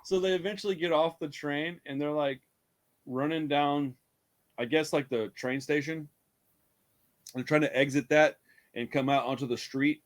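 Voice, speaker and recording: A podcast co-host reviewing a horror film, this man has a slightly high voice and a steady tone, speaking unhurriedly with frequent pauses. He retells the movie casually and ramblingly, laughing often and swearing freely.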